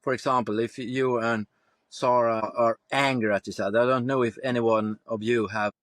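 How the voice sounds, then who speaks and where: A man's voice: medium pitch, steady tone, moderate pace, dry recording. Plain-spoken man, dry sound. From Sweden. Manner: reflective, plain-spoken, swears casually. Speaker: guest. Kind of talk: podcast interview.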